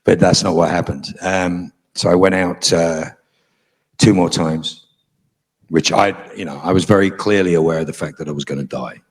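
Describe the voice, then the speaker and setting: A man's voice: low-pitched, steady tone, moderate pace, husky. A middle-aged man, a guest on a convention panel, telling a story to a live audience in a frank, profane, dryly humorous way.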